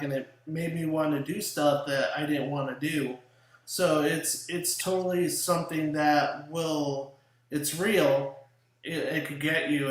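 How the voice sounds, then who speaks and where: A man speaking earnestly and haltingly about hard times in a casual conversation, repeating himself as he searches for words. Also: fairly high pitch. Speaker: host. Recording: very echoey room.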